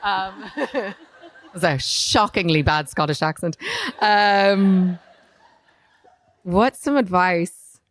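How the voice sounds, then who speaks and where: A woman's voice: mid-range voice, very slow, long pauses. A woman speaking as a lead actress on a panel, chatting playfully and laughing at herself. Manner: playful, laughing, self-mocking. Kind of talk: casual panel talk.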